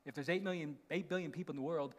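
A man's voice: fairly high pitch, racing. A man preaching a sermon as a pastor, often asking his listeners questions and checking in with them. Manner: asks the congregation rhetorical questions, tags lines with "right?".

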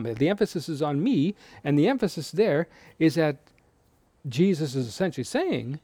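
A male preacher talks through scripture in a relaxed, explanatory way, his pitch rising and falling with real animation. His voice is warm and mellow, and it sits a little on the higher side for a man. The sound is close and dry. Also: moderate pace, dry recording. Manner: explanatory, conversational, with frequent restarts. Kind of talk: Bible teaching sermon.

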